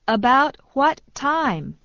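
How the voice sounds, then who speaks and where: Slow, clear woman, slightly high, reading English phrases for learners. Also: no echo. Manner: slow, even repetition of each phrase. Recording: dull dry studio sound.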